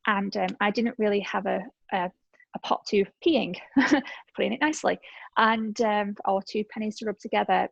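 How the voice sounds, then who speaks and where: A woman in her thirties speaks on a group call in an upbeat, chatty way, with many fillers along the way. Her voice sits at a middle pitch and sounds a little short of breath. The sound is dry, with no room around it. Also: dry recording, lo-fi sound. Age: 30s. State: slightly out of breath. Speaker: network marketing presenter. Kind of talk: casual presentation on a group call. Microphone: call microphone.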